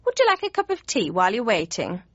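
A woman voicing a kindly, fussy older mother with a high, fluttery manner in an audiobook. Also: huge pitch swings, quick pace, dry recording. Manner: high, fluttery, cheerful fussing. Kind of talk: audiobook character voice. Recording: dry, slightly dull studio read.

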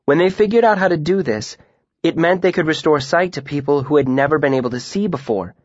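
A man's voice: a little high, no room sound, muffled recording, pitched above the performer's own voice, close to an everyday voice. A man doing a poised young woman student. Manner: measured, storytelling.

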